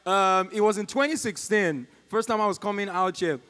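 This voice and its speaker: A man's voice: high voice, moderate pace, a bit bright, clean tone. A man with a Nigerian accent performing a chatty stand-up comedy set and teasing the crowd. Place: comedy concert stage. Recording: live hall with long reverb.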